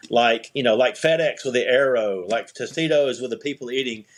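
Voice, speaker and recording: The guest here is a middle-aged owner of an eyewear business, speaking briskly at a medium pitch. Over a relaxed podcast conversation he rambles through a story, restarting his sentences and acting out what people said.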